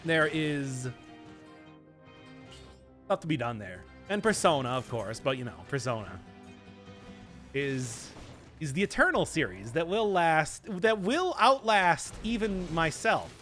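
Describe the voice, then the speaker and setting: A young man from Wisconsin, speaking with a Midwestern American accent, chats and laughs through live game commentary on his stream, stressing words oddly. His slightly bright voice is on the high side with big pitch swings, a slow pace and long pauses, and faint music plays behind him.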